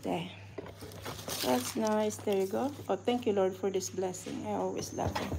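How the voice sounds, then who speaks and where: A woman's voice: medium pitch, unhurried, vocal fry. A woman chatting casually through an unboxing vlog, upbeat and talkative, with simple phrasing. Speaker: vlogger. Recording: noisy home video recording.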